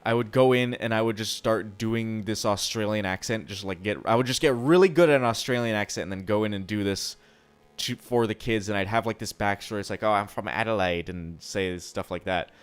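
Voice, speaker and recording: Rambling low-voiced male streamer. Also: a little fast, clear, resonant tone. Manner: rambling, swears casually, answers chat. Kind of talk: casual live-stream chat.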